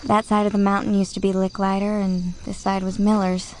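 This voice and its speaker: An actress playing a blunt, quick-tempered young woman with a Southern accent in a live-action drama. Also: medium pitch, little pitch movement, a little hiss or hum, lightly acted. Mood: intimate. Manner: sharp-tongued, blunt. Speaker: bridesmaid and office clerk.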